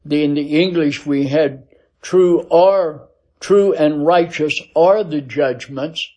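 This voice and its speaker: A man teaching a Bible lesson, reading scripture aloud in a measured cadence and pausing often with "uh" as he explains. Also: a little high, mellow. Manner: slow, deliberate teaching with frequent "uh" pauses.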